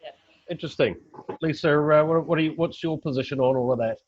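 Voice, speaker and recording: A man's voice: on the high side, quick pace, lo-fi sound. A man hosting a casual chat, giving brief and hesitant prompts. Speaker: host.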